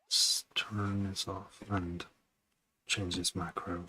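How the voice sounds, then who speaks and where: A man producing music on a live stream, chatting casually in a low-key, somewhat monotone way as he thinks out loud. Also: slow, heavy background noise. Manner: rambling, self-correcting, thinking out loud.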